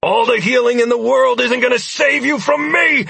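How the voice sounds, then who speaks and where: A man's voice: fairly high pitch, lively intonation, moderate pace, husky, no echo, voice pushed up, heavily acted. Man playing a snarling vengeful hero. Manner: snarling, shouting. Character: young male adventurer hero, vengeful, fierce.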